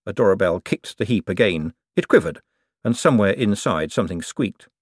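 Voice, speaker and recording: A man narrating an audiobook in an expressive, comic reading style. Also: fairly low pitch, moderate pace, dry recording, clean studio sound. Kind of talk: scripted narration.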